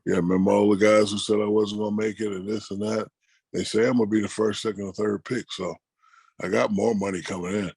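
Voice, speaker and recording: A middle-aged man, an interview guest, telling stories in a relaxed, conversational way and acting out the people he quotes. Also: on the low side, brisk, vocal fry, breathy edge, no echo. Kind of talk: casual storytelling.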